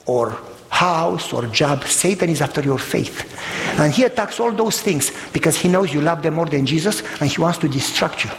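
A man preaching a sermon in an animated storytelling manner, exclaiming and acting out voices. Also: a little high, moderate pace, gravelly. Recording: long reverb of a hall.

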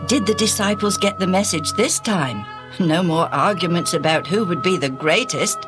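A woman narrating a storybook tale in an animated, exclamatory way, often asking the listener questions. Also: on the low side, normal speed, music in the background.

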